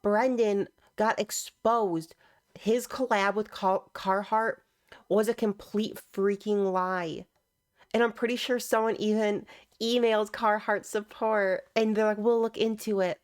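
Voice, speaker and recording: A young woman giving casual, teasing reaction commentary on online clips, sarcastic and quick to laugh. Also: mid-range voice, steady tone.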